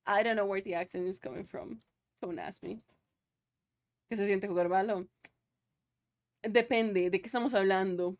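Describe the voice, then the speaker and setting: A woman's voice: medium pitch, steady tone, moderate pace, long pauses. A young woman streaming live, chatting loosely with her viewers, laughing often and swearing casually.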